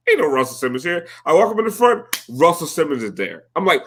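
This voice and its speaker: Bright-voiced guy spinning a story on a podcast, swears a lot, slightly high voice. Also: a little fast, hardly any pauses. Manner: animated, profane, acts out quotes. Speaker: podcast host. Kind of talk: casual storytelling chat.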